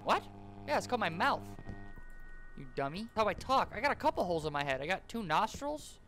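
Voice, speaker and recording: Jokey man with lively pitch. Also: brisk, faint music behind. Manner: joking, jumpy exclamations. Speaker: gaming YouTuber. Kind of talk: casual horror gameplay commentary.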